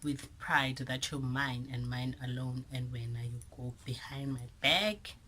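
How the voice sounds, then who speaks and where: A young South African woman telling a storytime vlog, animated and dramatic, with whispered asides. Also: very deep voice, a little slow, a little hiss or hum, poor audio. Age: young adult. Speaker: vlogger.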